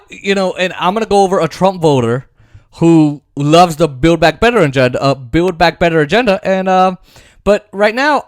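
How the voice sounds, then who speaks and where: High-voiced man ranting about politics. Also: no echo, clean studio sound. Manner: rambling, sarcastic, mocks voices of politicians. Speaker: political commentary host. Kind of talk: casual political commentary.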